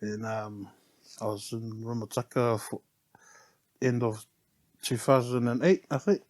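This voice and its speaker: A man's voice: mid-range voice, a little slow. Middle-aged New Zealand man, easygoing storyteller, chuckles a lot, tags lines with "eh", guest on a chat podcast. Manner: relaxed, laughs often, ends phrases with "eh". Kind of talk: casual storytelling interview.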